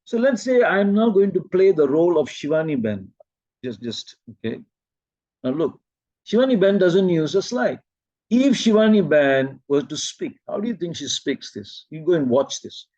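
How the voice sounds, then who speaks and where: High-voiced man leading a workshop. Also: very animated, mellow, no echo, lo-fi sound. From Malaysia. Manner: slow, deliberate, quizzes the audience. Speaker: presentation-skills trainer. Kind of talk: interactive workshop teaching.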